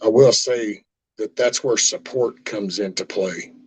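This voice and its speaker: A man's voice: lowish voice, unhurried, darkish tone, husky, poor audio. A man hosting a casual chat, speaking in an earnest, encouraging way.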